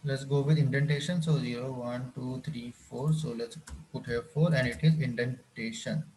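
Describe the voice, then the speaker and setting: A man's voice: mid-range voice, fairly even intonation, moderate pace, a little mellow, slight background noise. A man teaching a live coding class, often repeating phrases and checking whether his students follow. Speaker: instructor.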